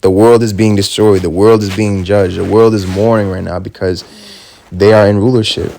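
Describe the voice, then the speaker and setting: A man preaching a fervent sermon, reading scripture slowly and tacking "man" onto his points. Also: on the low side, level tone, creaky, darkish tone, a little hiss or hum. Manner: emphatic, drops "man" at ends of lines; reads scripture slowly and deliberately.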